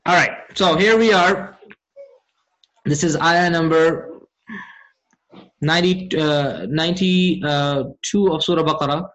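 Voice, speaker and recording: A man teaching an online Arabic grammar class, often asking his students questions and reciting verses quickly. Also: fairly high pitch, fairly bright tone, low-quality recording. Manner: engages students with frequent questions.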